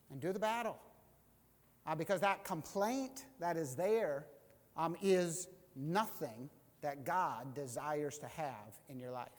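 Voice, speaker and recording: A man preaching a sermon as pastor. He gets animated and acts out the voices of the people he quotes. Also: fairly high pitch, in a large hall. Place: church sanctuary.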